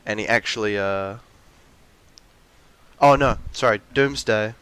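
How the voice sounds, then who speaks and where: Young male vlogger, crisp bright tone, rambly rant with fillers. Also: on the low side, slow pace, no room sound. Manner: rambling with frequent restarts and fillers; acts out mocking quotes of characters. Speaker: video essayist. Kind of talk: ranty casual monologue.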